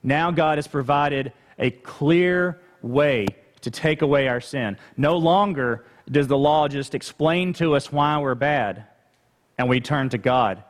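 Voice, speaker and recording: Slow-spoken pastor in a reverberant hall. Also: male voice, fairly high pitch. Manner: conversational preaching with rhetorical questions and asides. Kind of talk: sermon. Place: church sanctuary.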